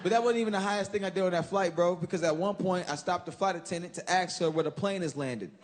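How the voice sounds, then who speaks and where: A man from Chicago doing a loud stand-up routine on a club stage, switching into acted-out voices. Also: sits high, fast talker. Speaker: stand-up comedian. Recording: loud crowd laughter and noise. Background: laughing crowd.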